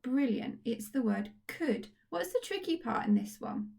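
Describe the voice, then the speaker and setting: A woman's voice: sits high, sing-song, measured pace, vocal fry, darkish tone. A woman teacher giving a recorded phonics lesson to young children, upbeat and encouraging. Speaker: primary school teacher. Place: at home.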